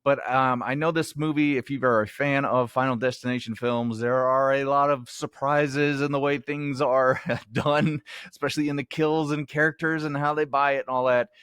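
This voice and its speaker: A chatty man hosts a podcast and reviews a film in a casual, self-deprecating way, laughing often. His voice sits at a medium pitch. The recording is dry and close. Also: fairly even intonation, moderate pace, fairly bright tone, smooth, no room sound. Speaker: podcast host. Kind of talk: casual movie review monologue. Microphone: headphones, home podcast mic.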